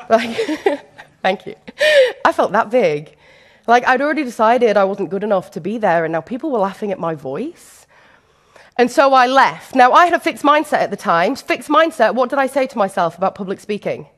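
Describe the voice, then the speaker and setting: A woman's voice: fairly high pitch, expressive, brisk. A woman giving a conference keynote as a leadership trainer, telling stories with self-deprecating humour and putting questions to the audience. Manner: addresses the audience directly with questions. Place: conference stage before a live audience.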